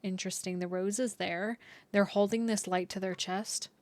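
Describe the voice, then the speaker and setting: A woman reads tarot cards for her viewers in a soft, meandering way. She searches for her words, circling back with fillers and restarts as she tunes into the cards. Her pitch sits in an ordinary middle range. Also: fairly even intonation, normal speed, no room sound. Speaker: tarot reader. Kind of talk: intuitive tarot reading to viewers.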